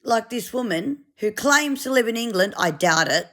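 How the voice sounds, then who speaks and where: Aussie woman ranting mad, lots of swearing, kinda high voice. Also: expressive, moderate pace, fairly bright tone. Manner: furious, sweary, sarcastic. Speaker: vlogger. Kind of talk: angry rant to camera.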